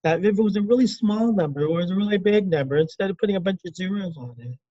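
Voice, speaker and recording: A man teaching a classroom lecture in a conversational way, asking the class questions and acting out quick quotes. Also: sits high, dark tone, dry recording, dull audio. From California.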